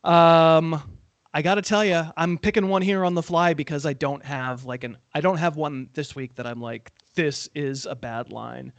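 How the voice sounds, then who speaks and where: A man's voice: a little high, fairly even intonation, normal speed, clean tone, no echo. Dry-sounding man hosting a betting show. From California. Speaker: host. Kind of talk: casual sports betting chat.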